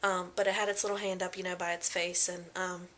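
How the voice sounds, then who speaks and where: A woman's voice: lowish voice, little pitch movement, a little fast, a bit bright, a little hiss or hum. A young woman talking casually in a pregnancy vlog, chatty and full of fillers, often acting out what people said. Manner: chatty, many fillers and quoted voices. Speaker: vlogger.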